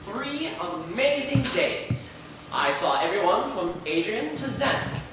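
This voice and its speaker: A man's voice: high-pitched, big pitch swings, slow pace, heavily acted. A man acting a flamboyant, vain celebrity playwright in a live stage play, with a grandiose, theatrical delivery. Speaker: stage actor. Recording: distant, echoey and noisy theater recording.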